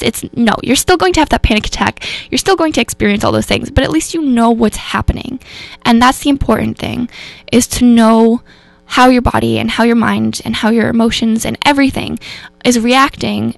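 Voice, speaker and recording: A woman radio host speaks in a loose, earnest, rambling way, often restarting her sentences. Her voice sits fairly high and has a gravelly edge. The studio sound is close and dry. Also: no room sound. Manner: rambling and earnest, many fillers and self-corrections. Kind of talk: casual spoken reflection on mental health. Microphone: radio studio microphone.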